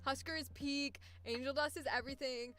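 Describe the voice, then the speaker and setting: A woman voice actor chatting casually on a livestream, excitable, laughing often and swearing freely. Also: high voice, a little fast, soft background music. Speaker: voice actor streaming with chat.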